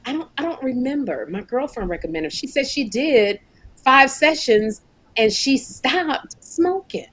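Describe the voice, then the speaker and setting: A middle-aged woman co-hosting a comedy podcast, chatting casually and telling animated stories with acted-out quotes. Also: high-pitched, unhurried, breathy edge. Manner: animated storyteller, acts out quotes. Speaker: podcast co-host.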